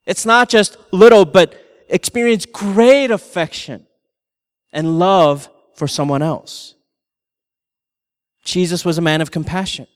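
A middle-aged man preaches a sermon, telling a family story with animated humor. His voice sits high and resonant. It rings out with a long reverb, as in a church hall. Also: slow pace, pauses often. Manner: storytelling, animated, laughing through anecdotes. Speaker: pastor.

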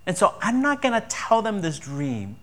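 A man's voice: sits high, huge pitch swings, moderate pace, a bit bright. Man preaching in a conversational sermon. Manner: conversational preaching with rhetorical questions. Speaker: pastor.

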